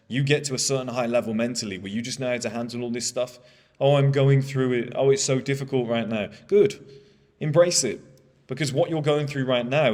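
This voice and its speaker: Blunt motivational speaker: man, 30s, mid-pitched, candid and profane, recorded in a reverberant room. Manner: candid and blunt, swears freely. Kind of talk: motivational monologue.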